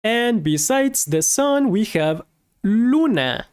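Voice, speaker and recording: Female teacher, unhurried and patient, lively rising and falling delivery. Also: on the high side. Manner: slow, patient, repeats each word several times. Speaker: Spanish teacher. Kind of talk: language lesson, slow repetition drills.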